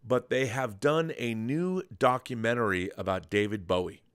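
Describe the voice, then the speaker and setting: A man's voice: medium pitch, moderate pace, clean tone. A middle-aged man hosting a podcast, chatting casually and enthusiastically about films, rambling with restarts. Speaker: podcast host. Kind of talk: casual film chat.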